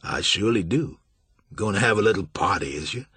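A man putting on a wary old ship's cook with a deep, hushed, husky voice and a slow drawl. He keeps low and soft in a storybook reading, close and dry. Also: lively intonation, dry recording, full character voice. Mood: sly. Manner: quiet, drawling dialect.

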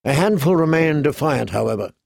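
A man reading a fantasy novel aloud as an audiobook narrator, measured and steady. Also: on the high side, vocal fry, no echo, studio quality. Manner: measured, storytelling. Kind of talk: scripted narration.

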